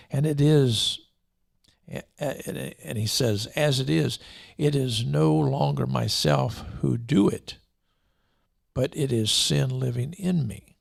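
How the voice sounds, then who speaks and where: A man hosting a show, reading scripture aloud with commentary in a deliberate way, slowing down and repeating key lines. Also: mid-range voice, creaky, slightly rough, no echo, clean studio sound. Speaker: show host and preacher.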